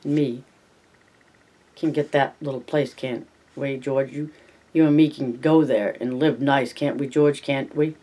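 Old ranch hand, bitter and sad, rough drawl, some guy reading it out. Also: mid-range voice, steady tone, a little slow, warm tone, close to an everyday voice. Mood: pleading. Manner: plain reading voice with rough dialect.

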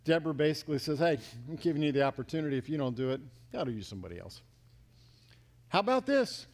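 A man pastor preaching a sermon, swinging between loud emphatic lines and hushed near-whispers as he acts out quotes. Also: on the high side, very animated, brisk.

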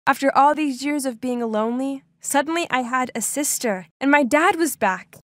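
Expressive woman telling a first-person story. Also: high voice, moderate pace, no echo, studio quality. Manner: expressive, dramatic. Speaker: story narrator.

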